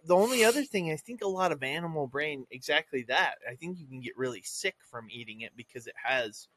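A man co-hosting a podcast, thinking aloud with many fillers and pauses. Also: a little high, animated, a bit bright, low-quality recording. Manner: hesitant, lots of likes and ums. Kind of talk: casual banter.

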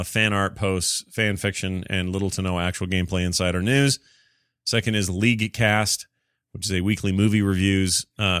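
A man's voice: fairly low pitch, a bit bright, no room sound, clean studio sound. A man hosting a podcast, reading listener emails aloud and chatting about them in a rambling, self-deprecating way. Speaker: podcast host.

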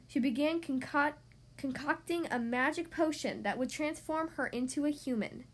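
A woman narrating a children's storybook aloud, steady with small stumbles. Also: sits high, moderate pace. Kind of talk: storybook reading.

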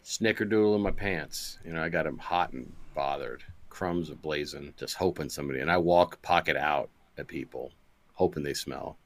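A man co-hosts a comedy podcast, building absurd improvised stories with playful glee. His voice sits very low. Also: normal speed, dry recording. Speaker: podcast co-host. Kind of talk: comedic movie-riff chat.

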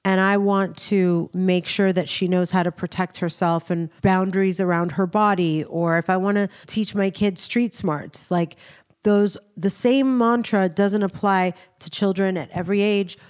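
A woman's voice: medium pitch, steady tone, unhurried, darkish tone, smooth. A woman co-hosting a podcast in casual chat, her voice nasal from a cold, chatty and rambling. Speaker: podcast co-host.

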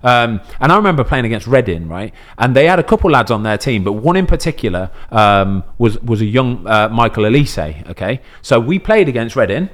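A man, a podcast host and professional footballer, chatting casually and telling animated stories, often checking in with "you know what I mean". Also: medium pitch, a little fast, hardly any pauses.

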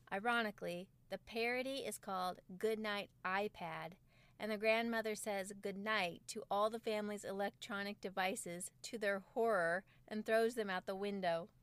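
A woman's voice: medium pitch, a bit bright, clean tone, dry recording. A woman in her forties, a podcast host, reading her own parenting book aloud with wry, self-mocking humor.

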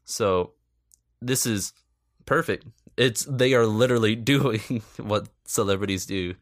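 A man's voice: on the low side, unhurried, dry recording, studio quality. A man giving casual, sarcastic movie commentary, swearing freely and laughing often. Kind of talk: casual film review commentary.

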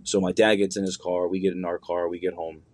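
Low-voiced young man telling a story. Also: little pitch movement, fairly quick, darkish tone, no echo. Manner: loose and conversational, heavy on fillers and slang. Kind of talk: casual personal storytelling.

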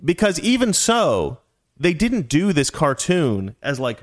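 A man's voice: a little high, sing-song, slow. A man telling a long personal story in a casual, rambling way, with frequent restarts and asides.

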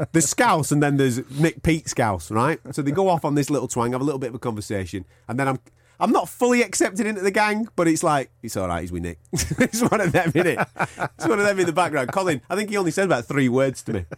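A man's voice: on the high side, big pitch swings, quick pace, dry recording. A man co-hosting a podcast in casual chat, telling stories with plenty of swearing and acting out other people's lines. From England, outside Liverpool. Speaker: podcast co-host.

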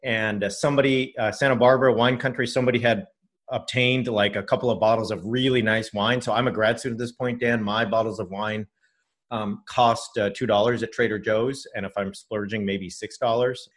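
A man's voice: lowish voice, steady tone, fairly quick. A middle-aged man casually telling a personal story on a podcast, rambling with many fillers and restarts.

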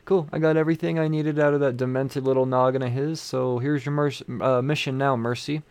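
A man's voice: medium pitch, steady tone, a little fast, darkish tone, clean tone, no echo, pitched above the performer's own voice, close to an everyday voice. A man voicing an arrogant, wealthy male villain in an offhand, self-satisfied way while retelling a comic.

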